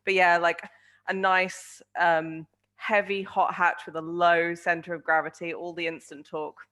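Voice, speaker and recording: A woman's voice: fairly low pitch, level tone, moderate pace, a bit bright. A woman chatting enthusiastically on a video call, laughing as she talks. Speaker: guest. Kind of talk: casual chat.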